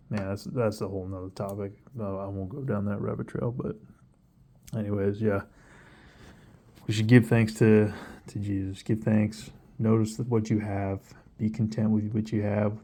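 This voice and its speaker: A man's voice: fairly low pitch, warm tone. A young man talking casually through a Bible passage, rambling and conversational with lots of fillers and side tracks. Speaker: Bible reader sharing reflections. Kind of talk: casual devotional talk.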